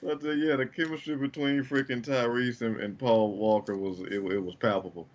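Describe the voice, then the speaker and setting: A man's voice: mid-range voice, steady tone, a little hiss or hum. Podcast cohost guy, lots of ums, trails off, kinda muffled audio. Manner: halting, filler-heavy, trails off. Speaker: podcast co-host. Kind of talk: casual chat.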